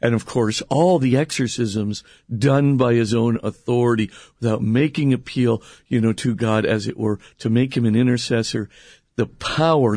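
Earnest priest explaining theology, dry sound. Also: male voice, medium pitch, darkish tone, no room sound. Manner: earnest, emphatic, with frequent restarts and rhetorical questions. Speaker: priest and guest.

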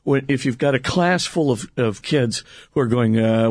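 A male priest explains theology with earnest emphasis, often restarting his sentences and posing rhetorical questions. His voice sits at an ordinary middle pitch and is captured dry and close, with no room sound. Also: normal speed, darkish tone, dry recording. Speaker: priest and guest.

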